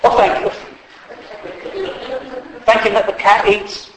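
A man's voice: sits high, monotone, slow pace, a bit bright. A man preaching a sermon in a humorous, conversational way, acting out quotes along the way. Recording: echoey hall.

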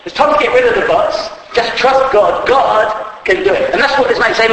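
A man's voice: extremely high pitch, expressive, moderate pace, few pauses, a bit bright. A man preaching a sermon with emphasis, spelling words out and acting out believers' doubting voices. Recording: echoey hall with faint ambience.

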